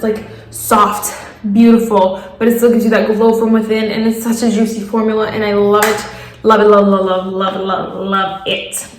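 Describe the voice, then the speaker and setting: A woman's voice: fairly high pitch, a little mellow, roomy sound, slight background noise, low-quality recording. A young woman reviewing her favorite makeup in a casual, gushing way, piling up praise and laughing often. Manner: gushing, enthusiastic, repetitive praise with frequent laughs. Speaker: beauty vlogger.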